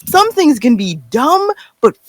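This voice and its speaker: A woman co-hosting a fan podcast, talking in an animated, exasperated way and acting out characters' lines. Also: high voice, measured pace, a crowd in the background. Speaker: podcast co-host. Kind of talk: casual fan discussion.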